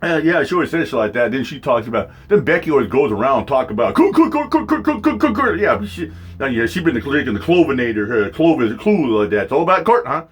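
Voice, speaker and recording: A man hosts a stream and rants in a loose, profane way, his pitch swinging widely as he mocks people. His voice is husky. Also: animated, fast talker, few pauses, faint music behind. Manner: mocking, mimics others in high voices. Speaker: streamer host. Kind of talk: profane casual rant.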